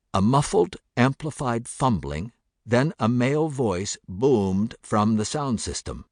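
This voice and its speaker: A man narrating a thriller audiobook in a measured, steady voice. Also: fairly low pitch, no echo, clean studio sound.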